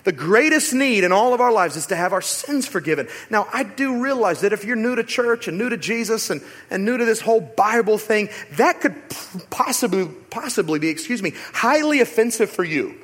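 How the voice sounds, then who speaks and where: A man preaching a sermon as pastor in a church, animated and rhetorical, sometimes acting out other voices. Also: high-pitched, a little fast, few pauses, slightly rough. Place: church sanctuary. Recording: long hall reverb.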